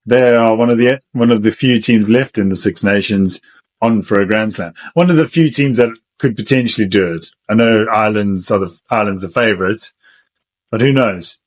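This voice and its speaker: A man co-hosting a podcast, talking in an easygoing, relaxed casual chat. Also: lowish voice, normal speed. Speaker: podcast co-host.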